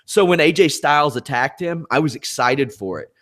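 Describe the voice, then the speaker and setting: A man's voice: fairly high pitch, animated, normal speed, a bit bright. A man hosting a podcast, moving through topics in a conversational way and putting questions to his co-host. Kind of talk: casual podcast chat.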